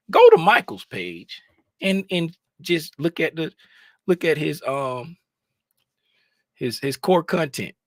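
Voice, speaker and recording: A man's voice: mid-range voice, a bit bright, no echo. A man hosting a trading livestream, joking loosely with viewers and greeting them by name before teaching. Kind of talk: casual livestream chat and teaching. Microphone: talks close to a microphone.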